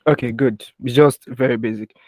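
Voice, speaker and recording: A young man leads a live online software lesson, walking through each keyboard shortcut one step at a time. He keeps stopping to ask his students whether they can follow. His voice is recorded dry and close on a computer mic, with keyboard taps heard under it. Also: medium pitch, fairly even intonation, normal speed, no room sound. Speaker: design instructor.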